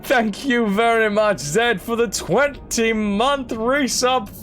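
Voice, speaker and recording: A young man streaming a game, telling stories and chatting with his viewers in a lively, casual way. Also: extremely high pitch, takes it slowly, faint music behind. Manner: animated, chatty storytelling to viewers. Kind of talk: casual chat while playing a game.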